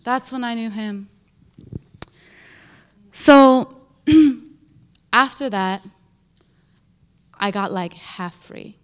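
Slow, earnest woman sharing her testimony. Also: on the high side, clear, resonant tone. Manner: earnest, halting, full of "like" and restarts. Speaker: churchgoer giving a testimony. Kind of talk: personal faith testimony.

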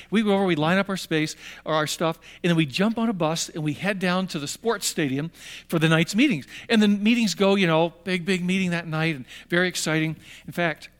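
Older man, high voice, animated storytelling, talking to kids. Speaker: speaker telling a personal story to young people. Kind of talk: storytelling talk.

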